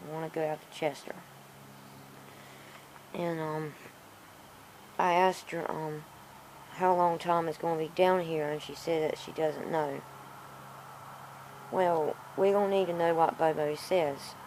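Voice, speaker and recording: A woman's voice: low voice, fairly even intonation, a little slow, long pauses, darkish tone, a little hiss or hum, poor audio. A woman rambling casually to her vlog camera, frustrated and in pain from a sore tooth. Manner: rambling, frustrated, self-talking. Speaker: vlogger. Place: outdoors in a yard.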